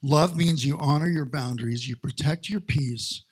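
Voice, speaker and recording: A middle-aged minister's sermon unfolds through slow, conversational personal stories touched with wry humor. His voice sits on the high side with a breathy edge.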